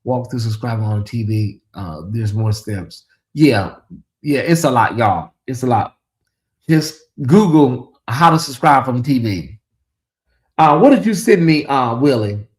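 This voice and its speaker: A man's voice: medium pitch, lively intonation, a little slow. A man hosting a casual late-night livestream in a chatty, drawling way, reading viewer comments aloud and talking to the audience as "y'all". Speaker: livestream host.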